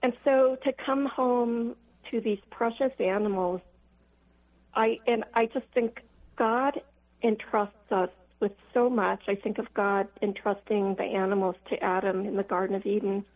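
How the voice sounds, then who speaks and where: A woman's voice: mid-range voice, steady tone, measured pace. A woman in her fifties calling in to a radio show, speaking earnestly and reflectively. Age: 50s. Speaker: caller. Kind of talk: call-in radio caller. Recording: tinny phone line.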